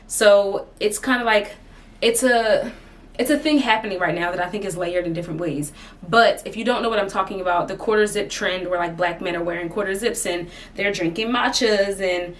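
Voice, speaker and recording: A woman's voice: mid-range voice, a bit bright, slight background noise. Woman vlogger, casual home chat to camera, chatty with easy laughs, mic a bit far off with faint room ambience. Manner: chatty, laughs often, drawn-out fillers. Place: at home, sitting area.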